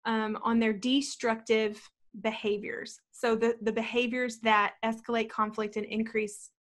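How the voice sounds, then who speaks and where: A woman's voice: fairly high pitch, level tone, measured pace. Earnest woman in her thirties, storytelling. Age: 30s. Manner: earnest, storytelling with filler words. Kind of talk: panel talk.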